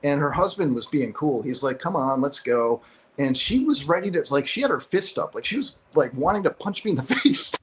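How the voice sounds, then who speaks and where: Chatty comedian man, slightly high voice. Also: very animated, fairly quick, few pauses, a crowd in the background, poor audio. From Chicago. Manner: laughs often, many fillers. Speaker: stand-up comedian guest. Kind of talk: casual storytelling.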